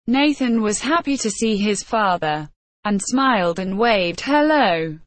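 Woman narrating a graded reader, slow pace, dry close recording. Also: medium pitch, expressive, no room sound. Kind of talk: scripted narration.

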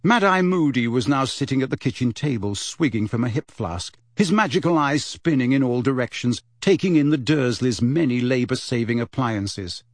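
A man reading a fantasy storybook aloud in an expressive, animated narration. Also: medium pitch, normal speed, hardly any pauses, dry recording, clean studio sound. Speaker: audiobook narrator.

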